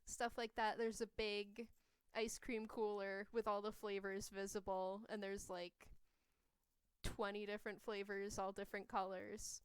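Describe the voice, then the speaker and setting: A woman's voice: mid-range voice, little pitch movement, measured pace, clean tone, no echo. A woman narrating a tabletop game as game master, meandering with many fillers.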